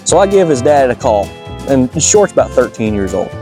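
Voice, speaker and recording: Midwestern man, hunting vlog host, excitable folksy recap over guitar music. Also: mid-range voice, normal speed.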